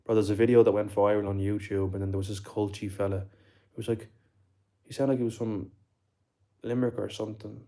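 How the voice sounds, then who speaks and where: A young Irish man on a livestream, talking in a low, mellow voice with a flat, level delivery. He swears freely and ends his lines with bro and like as he chats with his viewers. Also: quick pace. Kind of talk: casual chat with viewers.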